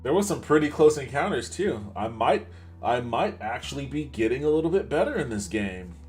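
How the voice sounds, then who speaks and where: A man riffs his way through a video game match, chatty and self-mocking, swearing freely as he goes. His voice sits at a middling pitch with game music running underneath. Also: very animated, moderate pace, darkish tone. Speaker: podcast host. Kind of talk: casual gameplay commentary.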